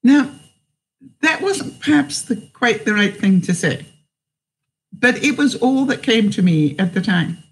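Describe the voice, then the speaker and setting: Slow, hesitant woman telling a personal story. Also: on the high side, lively intonation, poor audio. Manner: slow, hesitant, with many fillers and restarts. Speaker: vlogger.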